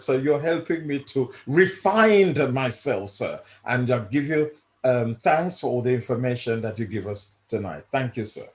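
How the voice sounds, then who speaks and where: Candid man confessing his habits. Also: on the high side. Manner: candid, laughs at himself, addresses others as sir. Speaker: class participant. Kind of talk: confessional sharing.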